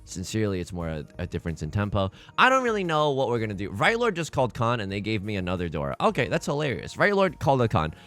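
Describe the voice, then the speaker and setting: A young man giving casual, self-mocking commentary over a mahjong game, jokey and animated. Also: lowish voice, fast, hardly any pauses, faint music behind. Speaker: mahjong streamer. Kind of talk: casual let's-play commentary.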